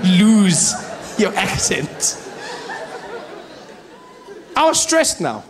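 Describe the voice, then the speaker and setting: South African male comedian, animated storyteller, faint background noise. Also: sits high, very slow, long pauses, a crowd in the background. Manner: animated, switches into voices. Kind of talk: stand-up storytelling.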